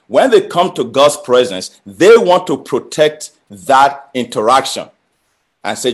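Guy preaching, punchy and repetitive, mid pitch, swells up then drops low. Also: big pitch swings, measured pace. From Nigeria. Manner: emphatic, with rising and falling intensity and repeated phrases. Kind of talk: sermon.

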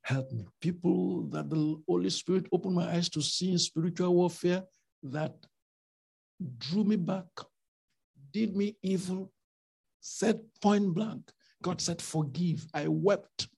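Gravelly, husky preacher man. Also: sits high, measured pace. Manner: emphatic, rhetorical questions, swings loud and soft. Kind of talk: sermon.

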